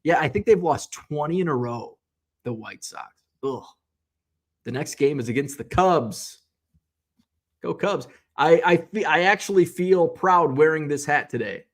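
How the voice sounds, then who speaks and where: Speaking a little slowly in a fairly high voice, a middle-aged man from the US runs a casual live stream. He reads out viewer comments, rambles through tangents, and keeps correcting himself.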